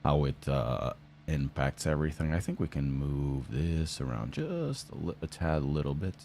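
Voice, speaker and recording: A man's voice: extremely low pitch, lively intonation, moderate pace, vocal fry, mellow, a little hiss or hum. A man with a Portuguese accent chatting casually on a live stream, joking and answering chat as he drives a sim race.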